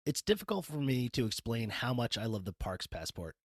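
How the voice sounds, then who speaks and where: A man's voice: mid-range voice, big pitch swings, a little fast, no echo. An enthusiastic, playful man hosts a casual interview podcast in a mid-range voice. His sound is close and dry, with no room around it. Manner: enthusiastic, playful, laughs easily. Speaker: podcast host.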